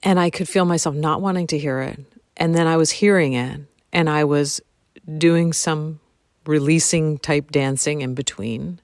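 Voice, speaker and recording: A woman's voice: low voice, normal speed, no room sound, clean studio sound. A woman hosting her own solo podcast, musing aloud and repeating phrases, sometimes dropping into a whisper. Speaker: podcast host. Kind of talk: reflective solo podcast monologue.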